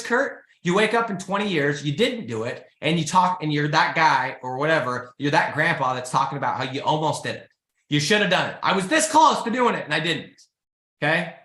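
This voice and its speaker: A slightly high male voice, reverberant in the room, belongs to the host of a live business show. This motivational live-stream talk is casual and energetic with a pleading edge, urging people to get started and frequently calling out "guys" and "freaking."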